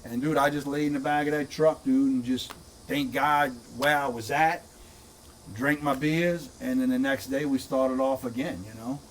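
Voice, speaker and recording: A man's voice: mid-range voice, steady tone, moderate pace, far from the mic, slight background noise. A middle-aged man, telling a long story in a casual, rambling way with lots of repeated words. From St. Bernard Parish, Louisiana. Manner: rambling, repeats words, says "dude" often. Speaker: guest, content creator.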